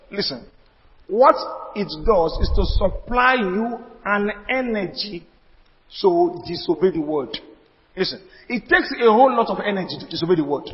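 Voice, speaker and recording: A man's voice: sits high, animated, moderate pace. A man preaching a sermon as pastor, repeating phrases and building emphasis. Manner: preaching with rising emphasis and repetition. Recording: dull audio in a reverberant hall.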